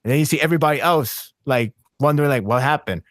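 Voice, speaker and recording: A man talking casually on a podcast, excitable and rambling, with frequent restarts and fillers. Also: on the high side, fast. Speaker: podcast co-host.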